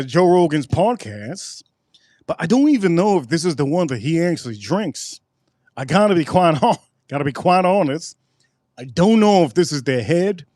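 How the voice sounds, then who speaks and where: A man hosting a casual live tasting review, excitable and repeating himself for emphasis. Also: fairly high pitch, dry recording. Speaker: spirits reviewer host.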